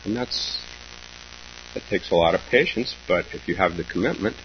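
Here a man, a Zen teacher, gives a low-pitched dharma talk marked by slow, halting reflection, frequent pauses and soft laughs. The sound is dull and lo-fi, with a faint background hum.

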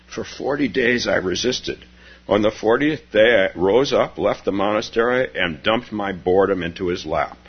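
A man teaching as a Zen teacher in a gentle, storytelling dharma talk, repeating key phrases softly. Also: on the low side, normal speed, husky, lo-fi sound.

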